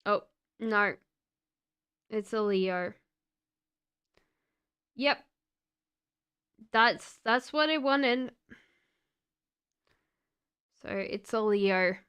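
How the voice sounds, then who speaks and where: A young Australian woman, her accent softened by years in Britain, chatting upbeat with viewers as she gives live tarot readings. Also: mid-range voice, very slow, long pauses, clear, resonant tone. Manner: chatty and upbeat, laughs often, talks straight to viewers by name. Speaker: tarot reader.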